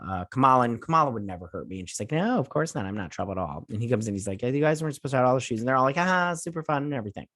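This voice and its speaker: A man's voice: on the low side, no echo, studio quality. A man from the United States hosting a casual episode recap, rambling with lots of fillers and restarts. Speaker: host.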